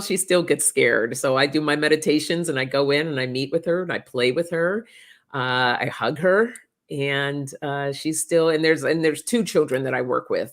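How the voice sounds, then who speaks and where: A woman hosting a casual chat, speaking in a warm, affirming way and reading out comments from viewers. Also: a bass voice. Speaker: host.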